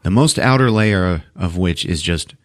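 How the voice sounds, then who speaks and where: A man's voice: expressive, measured pace. A man hosting a podcast, recapping a movie with profane jokes. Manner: profane, acts out characters in squeaky voices. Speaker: podcast host.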